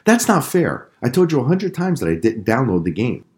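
A man's voice: lowish voice, animated, brisk, a little mellow, close to an everyday voice. A man doing an indignant accused boy. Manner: protesting, insistent. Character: older brother boy, indignant and falsely accused.

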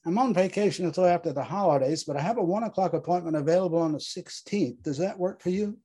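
Hurried female therapist, read by a man, raised pitch, husky. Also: dark tone.

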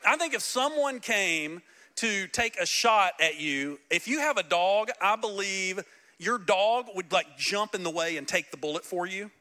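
A male pastor preaching in a church with a high, bright voice. He is animated and playful, throwing questions straight out to his congregation. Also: unhurried. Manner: animated, joking, talks directly to the congregation. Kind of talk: sermon. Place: church sanctuary.

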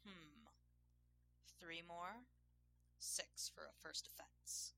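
A woman voicing a commanding, teasing man who speaks in a low murmur, sometimes whispering, in a story she reads aloud. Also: drawn-out words, vocal fry, pushed and bright, exaggerated voice.

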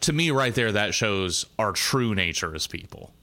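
A man's voice: on the low side, animated, bright, forceful tone. A man co-hosting a casual conversation, talking earnestly with frequent restarts and repeated words. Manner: halting, many restarts, earnest.

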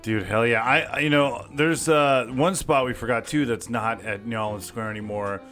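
A man's voice: medium pitch, steady tone, normal speed, fairly bright tone, faint music behind. A man co-hosting a podcast in casual chat, rambling with many fillers. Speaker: podcast co-host.

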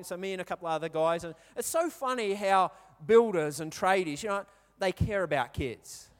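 A man in his thirties with an Australian accent preaches casually, weaving in stories and questions to those gathered. He talks a little fast in a high voice with few pauses, and the hall is reverberant.

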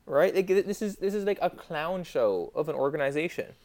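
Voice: mid-range voice, a little fast, darkish tone. A podcast co-host talking casually, with frequent restarts and fillers. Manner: hesitant, many restarts and "like". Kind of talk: casual hockey chat.

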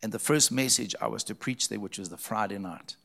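Low, gravelly-voiced preacher telling a story. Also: male voice, a little fast, a bit bright. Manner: earnest, repeats phrases for emphasis. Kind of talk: storytelling testimony.

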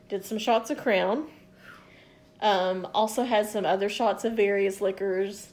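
A woman telling a story on a podcast in a lively, profane way, acting out what people said. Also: mid-range voice, unhurried. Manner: animated, profane storyteller who acts out quotes. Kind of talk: casual podcast chat.

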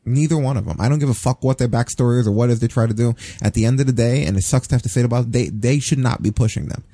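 A man's voice: mid-range voice, very fast, warm tone, no room sound. A man co-hosting a casual wrestling chat, ranting bluntly and swearing freely. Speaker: podcast co-host.

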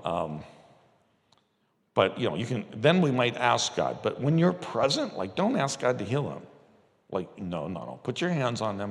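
A man's voice: lowish voice, in a large hall. A man preaching a conversational sermon, telling stories with acted-out quotes. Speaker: pastor. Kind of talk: sermon teaching with storytelling.

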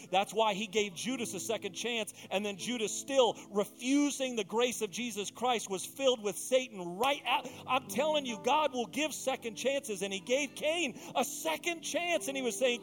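A male pastor with a high-pitched voice preaches with passion, swinging from chatty asides to emphatic, rising peaks. Faint music plays underneath his sermon. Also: animated, unhurried.

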